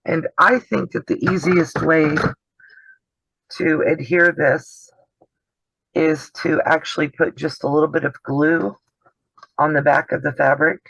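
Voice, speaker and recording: A man's voice: a little high, steady tone, a little slow, gravelly, long pauses, a bit bright, husky, no echo. A man hosting a casual sewing demonstration over a video call, chatty and explanatory, often trailing off mid-sentence. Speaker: host of a sewing channel. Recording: dull dry video call audio.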